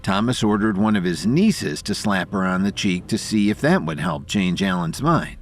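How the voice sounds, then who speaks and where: A man's voice: deep voice, lively intonation, normal speed, soft background music. A man narrating an audio drama with dramatic storytelling.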